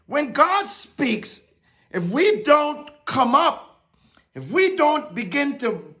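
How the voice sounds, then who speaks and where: A woman preaching a sermon, teaching from scripture in a slow, emphatic way. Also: a little high, fairly bright tone. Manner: emphatic, rising and dropping sharply, slow deliberate preaching.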